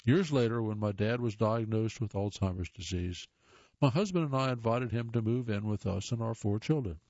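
A man's voice: lowish voice, moderate pace, darkish tone, no echo, muffled recording. A man reading short stories aloud in a plain way, with occasional stumbles and restarts. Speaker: reader of listener stories.

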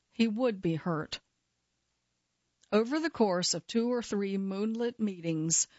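A woman narrating a true-crime story in a measured, steady scripted delivery. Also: mid-range voice, no room sound. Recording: slightly dull, dry studio sound.

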